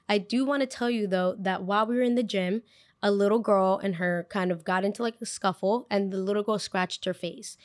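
A young woman hosting a podcast, telling a story in a chatty, animated way with lots of filler words. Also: medium pitch, brisk. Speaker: podcast host. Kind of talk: casual storytime.

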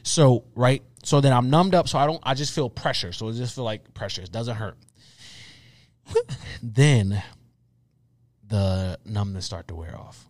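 A young man co-hosts a casual podcast, his voice sitting at an ordinary middle pitch. He tells stories animatedly and repeats himself to drive a point home. The sound is dry and close to the mic. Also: a little slow, pauses often, darkish tone, dry recording. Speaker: podcast co-host. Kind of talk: casual chat.

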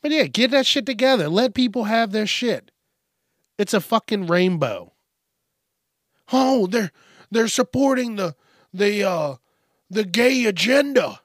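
A man rants through a news commentary in a profane, sarcastic, exasperated way, with a beer in hand. His voice sits a little high and his delivery is slow and deliberate. The recording is dry and close. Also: lively intonation, no echo. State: drinking beer. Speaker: host.

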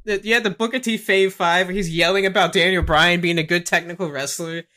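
A man hosting a wrestling podcast in casual chat, animated and laughing often as he acts out quotes. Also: high voice, brisk. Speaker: podcast host.

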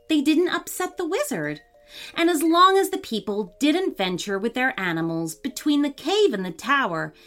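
Woman narrating a bedtime story. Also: fairly high pitch. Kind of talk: scripted narration. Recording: faint music under the voice.

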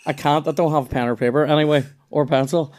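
A man's voice: a little high, fairly even intonation, fast talker, darkish tone. Rambling Northern Irish man, chatty storyteller. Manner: rambling storyteller with many restarts and swearing. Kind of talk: casual chat.

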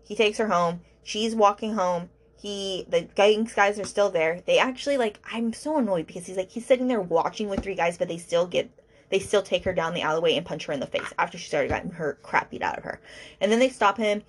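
Woman, podcast host, casual book rant, exasperated, rambling, filler-heavy, mid-pitched voice. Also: brisk, a little hiss or hum.

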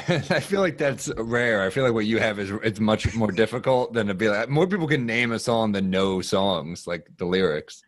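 A man with a raspy, fairly low voice talks as a guest on a comedy podcast. He swaps fast banter and sports talk in a loose, casual way. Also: expressive.

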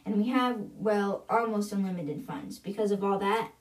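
A woman's voice: medium pitch, moderate pace, close to an everyday voice. A woman voicing a determined teen girl who leads her classmates, speaking steadily and persuasively, a bit far from the mic. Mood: earnest.

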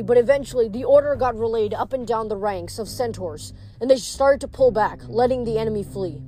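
A woman's voice: mid-range voice, a little fast, few pauses, warm tone, soft background music. A woman reading a novel aloud in a casual manner, stumbling and restarting words now and then. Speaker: reader.

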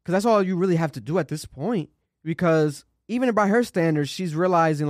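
Man, casual reaction chat, rambling, swearing, slightly high pitch, dry close sound. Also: a little fast, no echo. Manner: rambling, swearing, many restarts. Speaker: reaction streamer.

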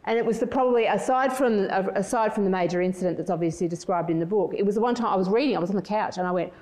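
A middle-aged woman speaking to a conference audience at a middle pitch. She talks in a loose, chatty way and drops into personal stories, restarting sentences and using filler words as she goes. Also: very fast. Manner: lively storytelling, acts out quoted voices. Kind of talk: conference talk with personal anecdotes.

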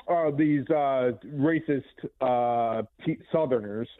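A man calling in to a radio show, hesitant and halting as he argues his point. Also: mid-range voice, no echo. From Falls Church, Virginia area. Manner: hesitant, halting, full of restarts. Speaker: caller. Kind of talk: call-in radio conversation. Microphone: telephone. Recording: tinny phone line.

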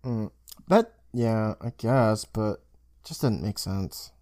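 A young man with a lowish voice takes his time as he co-hosts a podcast, casually recapping a TV episode. He tells it animatedly and acts out the characters' lines. Studio quality with no echo.

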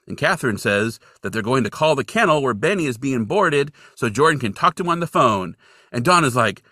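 A man co-hosting a podcast, recapping a TV episode in casual chat, animated and jokey, jumping into high exaggerated quotes. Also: fairly quick, dry recording, clean studio sound. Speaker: podcast co-host.

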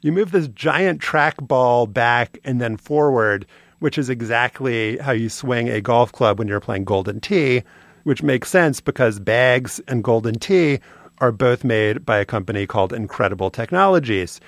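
A man's voice: mid-range voice, expressive, unhurried, no room sound. A man co-hosting a podcast, telling a prepared story in a dry, wry way. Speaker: podcast co-host. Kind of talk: casual chat, reading a prepared segment.

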